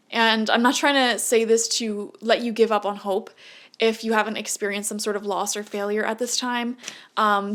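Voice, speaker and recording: A young woman giving a casual, chatty tarot reading who laughs often and breaks into lively, high-pitched asides. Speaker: tarot reader.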